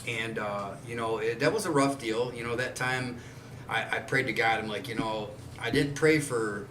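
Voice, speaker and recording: At a moderate pace and medium pitch, with a slightly bright tone, a man in his forties rambles bluntly through a casual podcast chat, swearing often. The sound is roomy and distant, with faint ambience and slight background noise.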